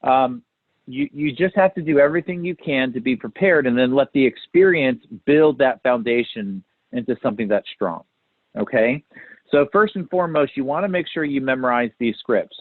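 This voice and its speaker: A man's voice: mid-range voice, dry recording. Man training phone sales callers on a tinny line. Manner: talks to trainees, checks in with "right?" and "okay?". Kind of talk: recorded training talk. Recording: tinny phone-like dry recording.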